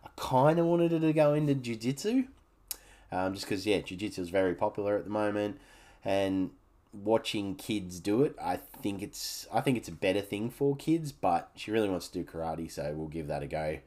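A man's voice: fairly low pitch, expressive, moderate pace, warm tone. An Australian man in his thirties, hosting his own podcast in a rambling, frank chat that swears freely. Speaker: podcast host. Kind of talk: casual solo podcast chat.

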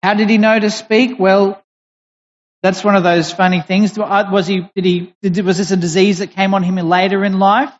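A preacher giving a sermon in a deliberate, emphatic way, pausing and restarting as they explain. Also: medium pitch, flat delivery. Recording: dull recording in a reverberant hall.

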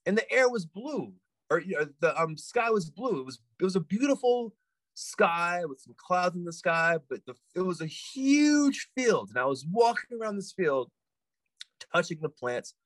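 A man's voice: high voice, sing-song, normal speed, a bit bright, dry recording. A man voicing a shaken friend recalling a vision. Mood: awed, panicked.

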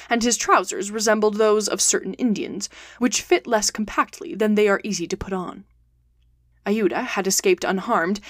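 A woman reads a classic adventure novel aloud as host of a storytelling show. Her voice is mid-pitched and steady, with clear, expressive narration. The recording is dry and close, with no room sound. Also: no echo.

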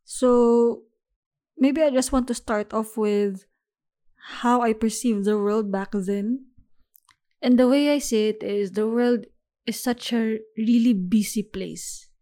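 A young woman hosts her own solo podcast, reflecting aloud in a calm, unhurried way and now and then restarting a word. Her voice sits a little high, with a soft, mellow tone. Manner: thoughtful, unhurried, with small restarts. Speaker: podcast host.

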